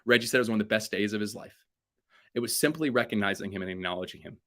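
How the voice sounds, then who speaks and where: A man giving a keynote talk, telling stories with energy and acting out what people said. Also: rapid-fire. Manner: energetic storyteller acting out quotes with big pitch jumps. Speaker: keynote speaker. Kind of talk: motivational storytelling keynote.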